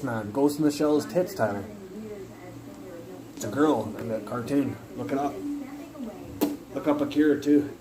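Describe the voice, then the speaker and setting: A man's voice: medium pitch, low-quality recording. A young man talking on a phone livestream in a blunt, profane and rambling way, often restarting his sentences. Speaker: live streamer. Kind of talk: casual rambling live-stream chat.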